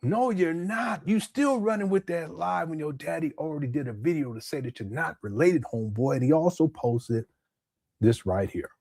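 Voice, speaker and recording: A man with a fairly high, lively voice that jumps around a lot as he reacts to a clip. He talks in a casual, mocking way, full of quick asides. The sound is dry and close, with no room in it. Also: creaky, dry recording. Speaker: livestream commentator. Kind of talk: casual live commentary.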